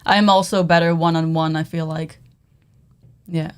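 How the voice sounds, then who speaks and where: A woman's voice: low-pitched, steady tone, a little slow, clean tone. Dutch woman with an American-leaning accent. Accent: Dutch speaker with American English. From the Netherlands. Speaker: co-host, English teacher. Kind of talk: casual livestream chat.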